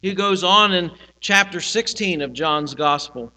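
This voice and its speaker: A man's voice: high voice, measured pace, pushed and bright, in a large hall, poor audio. A man preaching a sermon as pastor, swelling and dropping his volume for emphasis.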